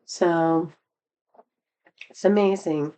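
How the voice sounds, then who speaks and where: Chatty, low-voiced middle-aged woman. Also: extremely slow. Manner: rambling, chatty, laughs often; lively quoted voices. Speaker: vlogger. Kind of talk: casual storytelling.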